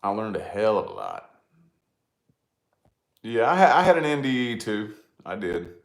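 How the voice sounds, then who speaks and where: A man's voice: lowish voice, huge pitch swings, normal speed, gravelly, echoey room. A middle-aged man hosting a casual tarot livestream chat, laid-back and swearing freely, calling his viewers dude and y'all. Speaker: tarot channel host.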